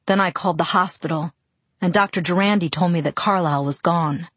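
A woman reading the lines of a worried middle-aged father in a low, insistent voice, barely changing her own husky voice. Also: brisk, fairly bright tone, no echo.

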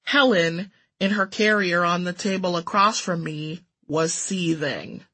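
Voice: medium pitch, unhurried, sharp tone, breathy edge. A narrator reading a first-person story aloud with a wry, sardonic delivery.

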